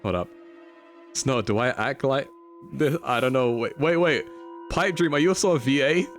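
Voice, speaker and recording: A man's voice: medium pitch, normal speed, faint music behind. Playful man chatting on a game stream. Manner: chatty and playful, laughs a lot. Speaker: livestreamer. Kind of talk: casual game-stream chat.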